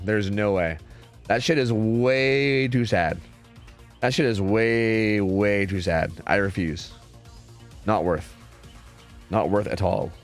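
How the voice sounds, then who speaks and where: Animated, rambling male streamer. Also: medium pitch. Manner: rambling, heavy swearing, filler-laden. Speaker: streamer and game caster. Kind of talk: casual chat with stream viewers.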